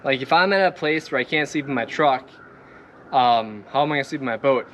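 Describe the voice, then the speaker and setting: A man's voice: mid-range voice, a little fast, a bit bright. A young man with a Midwestern accent, casually walking through his boat setup, rambling with lots of fillers and laughing often as he moves around outdoors. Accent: Midwestern American. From Minnesota or the Midwest. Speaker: vlogger showing his boat. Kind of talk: casual walkthrough. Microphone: camera set on the boat, distance varies. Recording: outdoor recording with clear background noise.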